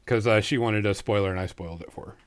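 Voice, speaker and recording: A man's voice: lowish voice, quick pace. Easygoing man hosting a gaming podcast. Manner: easygoing, hesitant with many ums. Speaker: podcast co-host. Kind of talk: casual chat.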